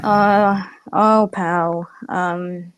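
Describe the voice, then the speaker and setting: A woman's voice: fairly low pitch, fairly even intonation, drawn-out words, a little hiss or hum. A woman playing a tabletop game, chatting casually in a laid-back way and laughing easily. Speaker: player.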